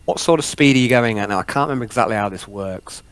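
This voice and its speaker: A man narrating a tabletop game as game master at an ordinary pitch. He rambles, loses his place and laughs at his own muddle. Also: fast, fairly bright tone, clean tone. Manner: rambling, self-deprecating, scattered.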